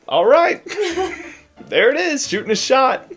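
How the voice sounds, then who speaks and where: A man's voice: very high voice, huge pitch swings, takes it slowly, fairly bright tone, soft background music. A man casually reacting to a fantasy romance novel he is reading, joking and laughing a lot. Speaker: book reviewer, reader.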